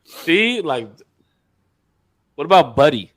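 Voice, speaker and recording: A man's voice: a little high, takes it slowly, no echo. A man co-hosting a podcast in casual chat, telling stories emphatically and swearing often. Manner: animated, profane, emphatic storytelling. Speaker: podcast co-host.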